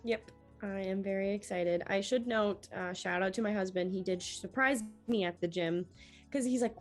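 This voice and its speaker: A young woman, a newly accepted medical student, tells her story in an interview in an animated way, acting out the dialogue she quotes. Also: medium pitch, normal speed, faint music behind.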